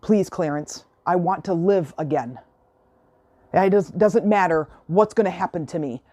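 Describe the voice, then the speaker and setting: A man's voice: high voice, a little slow, mellow, no echo. A woman voicing a desperate man in a retold film scene, pleading earnestly to have his old life back.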